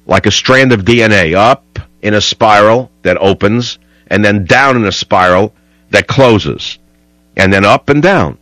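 A man's voice: on the low side, unhurried, a bit bright, dry recording, low-quality recording. A man hosting a talk radio show, rambling and combative in a studio.

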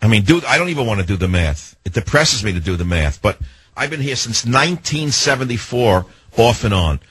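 A man's voice: lowish voice, very animated, a bit bright, slightly rough, dry recording, poor audio. An older man with a New York accent hosting a talk radio show, brash and digressive. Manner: brash, rapid-fire, digressive.

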